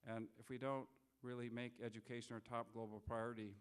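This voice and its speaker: A man's voice: mid-range voice, level tone, clean tone. Earnest middle-aged man giving a talk. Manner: earnest, unhurried, with frequent restarts. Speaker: guest speaker. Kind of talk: public lecture with storytelling. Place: lecture hall.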